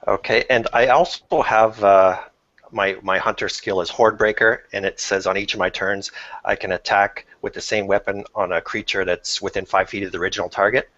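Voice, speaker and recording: Low-voiced guy playing a tabletop game, halting, lots of uhs, muffled audio. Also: steady tone, fairly bright tone. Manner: halting, many uh fillers. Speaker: player.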